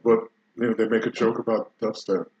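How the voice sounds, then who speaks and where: A man's voice: on the low side, little pitch movement, a little fast, muffled recording, a loud crowd. A man co-hosting a casual movie review chat, rambling and restarting his sentences. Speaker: podcast co-host.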